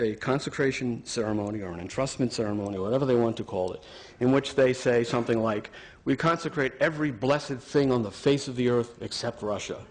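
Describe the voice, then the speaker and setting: A man's voice: medium pitch, darkish tone. A man giving an argumentative talk, sarcastic and emphatic as he builds his points. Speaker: speaker.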